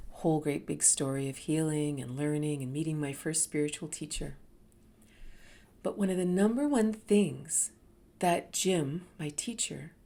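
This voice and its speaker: A woman in her fifties hosting a talk, telling her own story in a candid, expressive way that dips into soft murmurs and rises with emphasis. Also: sits low. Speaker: host sharing a personal story. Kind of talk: reflective personal storytelling.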